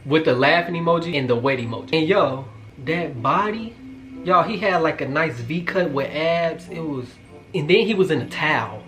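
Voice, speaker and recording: A young man in his twenties telling a casual storytime, joking and slangy, with quick asides to his viewers. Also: fairly high pitch, a bit bright, faint music behind. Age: 20s. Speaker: vlogger.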